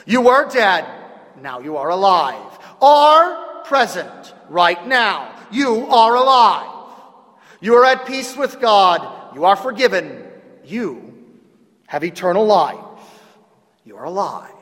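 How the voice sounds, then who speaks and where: Southern preacher in an echoing hall. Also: male voice, high-pitched, very animated, takes it slowly. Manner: dramatic swings from loud emphatic declarations to hushed near-whispers. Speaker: pastor. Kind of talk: sermon.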